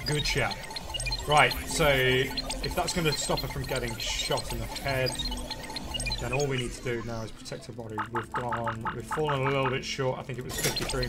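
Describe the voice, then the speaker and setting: Chatty streamer. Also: male voice, medium pitch, normal speed, long pauses, music in the background. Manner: chatty, excitable, thinks aloud to viewers. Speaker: game streamer. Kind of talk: live gameplay commentary.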